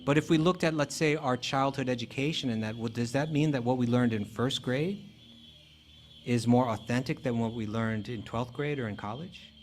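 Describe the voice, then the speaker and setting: A man's voice: medium pitch, normal speed, soft background music. Man giving a casual spiritual talk. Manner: conversational, many fillers and restarts. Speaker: spiritual teacher. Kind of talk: casual lecture.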